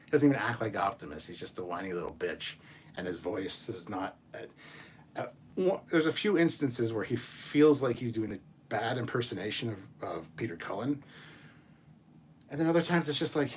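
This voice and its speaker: A man hosting a casual chat show, reading viewer messages and ranting in an animated, profane way. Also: lowish voice, normal speed, a little hiss or hum. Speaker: channel host.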